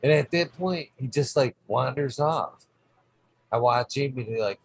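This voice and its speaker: Husky man telling a rambling story. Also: medium pitch, measured pace, low-quality recording. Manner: rambling, heavy swearing, animated retelling. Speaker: channel host. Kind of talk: casual storytelling vlog.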